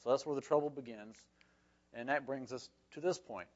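A man's voice: medium pitch, moderate pace, highs cut off. Folksy man teaching a Bible class. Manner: folksy, conversational, adds asides. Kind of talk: reading scripture aloud and explaining it to a class.

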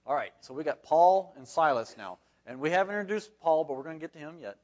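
Guy teaching bible class, kinda high voice, folksy chatty asides, dull lo-fi sound. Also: expressive, quick pace, darkish tone. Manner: folksy, conversational, adds asides. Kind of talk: reading scripture aloud and explaining it to a class.

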